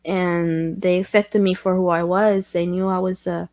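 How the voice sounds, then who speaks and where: A woman hosting a casual livestream chat with viewers, talking in a halting way with many restarts and self-corrections, candid and self-deprecating. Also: fairly low pitch, level tone, a little mellow, no echo. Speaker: livestream host chatting with viewers.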